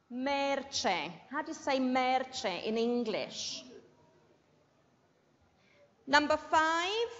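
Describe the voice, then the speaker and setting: A woman with a high, slightly bright voice teaches an English class, leading a dictation in a classroom and patiently saying each word twice. The audio is dull and lo-fi with long room reverb.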